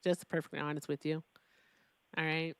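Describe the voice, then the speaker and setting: A woman's voice: low-pitched, flat delivery, fast, smooth, no echo. A woman hosting a live call-in debate stream, blunt and profane with callers, chatting casually with viewers between calls.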